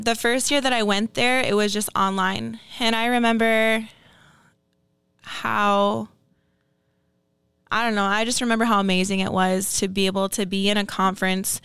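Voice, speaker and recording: Earnest, smooth-voiced woman guest. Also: mid-range voice, fairly bright tone, no room sound. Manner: earnest, reflective, many "like" and "um" fillers. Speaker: podcast guest. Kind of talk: casual conversational storytelling.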